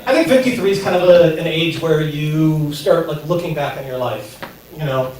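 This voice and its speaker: A man's voice: a little high, steady tone, noisy background. A man in his fifties doing a stand-up set, nervous and self-deprecating. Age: 50s. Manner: slow, self-deprecating delivery. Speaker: stand-up comic. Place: comedy theater stage. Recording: echoey theater, mic at distance.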